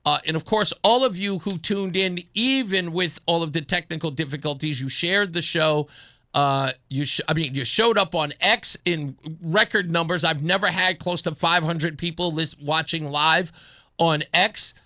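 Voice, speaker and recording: A man hosting a radio talk show, chatting casually and telling stories, sometimes acting out both sides of a phone call. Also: moderate pace. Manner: animated storyteller, acts out a phone call in a low mumbling voice.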